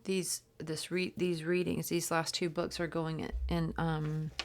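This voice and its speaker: Low-voiced woman chatting about tarot. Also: level tone, unhurried. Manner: chatty and meandering, with many fillers and restarts. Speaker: tarot teacher. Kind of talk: casual tarot study, reading aloud from a book.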